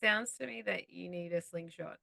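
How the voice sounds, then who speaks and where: A woman's voice: lowish voice, moderate pace, vocal fry, pushed and bright, no echo, studio quality. A young woman co-hosting a podcast, making wry, teasing remarks in casual chat. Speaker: podcast co-host.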